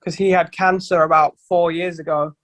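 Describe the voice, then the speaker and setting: A young man, the singer of a band, guests on a podcast with a highish voice, flat delivery and moderate pace, sounding a bit bright on a dry recording. He chats casually in loose, rambling sentences, swears freely and restarts often.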